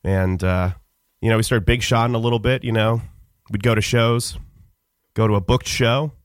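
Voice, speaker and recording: A man telling a rambling, mock-solemn comic story on a radio show, halting with many fillers. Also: fairly low pitch, fairly even intonation, smooth, no echo, clean studio sound. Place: radio studio.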